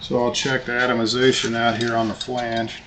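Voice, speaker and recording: A man's voice: medium pitch, normal speed. Man demonstrating in a noisy workshop. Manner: relaxed, thinking aloud while working. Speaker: model-making instructor. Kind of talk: live stream workshop demonstration.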